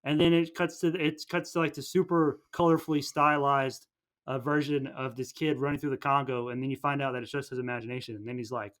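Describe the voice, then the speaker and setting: A young man co-hosting a film podcast talks briskly in a mid-range, slightly bright voice with little pitch movement. His casual, enthusiastic rambling includes many restarts.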